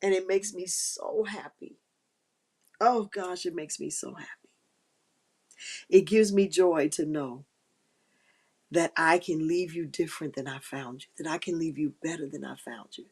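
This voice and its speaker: A woman's voice: low voice, unhurried, pauses often, a little mellow, breathy edge. A middle-aged woman hosting a faith-based live stream, giving heartfelt, encouraging talk that repeats key phrases and sits close to tears. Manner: emotional, near tears. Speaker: livestream host.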